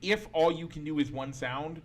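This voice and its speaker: A man's voice: on the high side, normal speed. Rambling, opinionated male podcast co-host. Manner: opinionated, arguing a point at length; loose and rambling, with many restarts. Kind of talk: casual sports and pop-culture chat.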